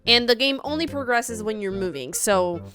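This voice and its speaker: Loud, expressive woman gamer. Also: fairly high pitch, normal speed. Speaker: gaming video creator. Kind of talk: casual gaming commentary.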